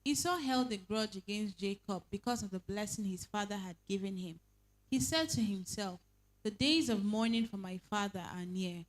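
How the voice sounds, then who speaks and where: A woman reading Bible verses aloud at a prayer meeting, in a steady, measured way. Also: mid-range voice, rough recording. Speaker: scripture reader.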